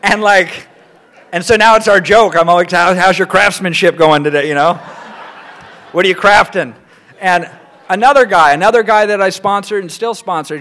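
A man sharing his recovery story as a sponsor, telling it candidly, acting out quotes and laughing through dark moments. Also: a little high.

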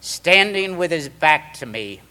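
A man's voice: on the high side, a little slow, background noise. A middle-aged man telling a story from his recovery to a meeting, acting out the voices of the people in it. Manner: animated storyteller, acts out quoted voices.

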